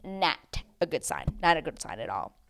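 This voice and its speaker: Host, female, slightly low voice, chatty and theatrical TV recap commentary. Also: big pitch swings, normal speed, gravelly, slight background noise. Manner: chatty and dramatic, acts out reactions.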